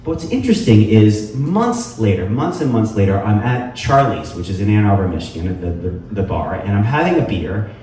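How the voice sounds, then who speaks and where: A man's voice: fairly low pitch, very animated, a little fast, hardly any pauses, warm tone, far from the mic. A middle-aged man hosting a live storytelling show, rambling with many fillers and self-deprecating humor. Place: live venue with audience. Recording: echoey room heard from afar, faint noise.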